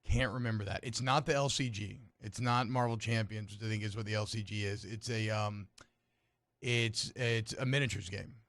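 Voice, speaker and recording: A man's voice: on the low side, fairly even intonation, moderate pace, a bit bright, no room sound, studio quality. A man player and co-host chatting casually and rambling with fillers. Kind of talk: casual chat.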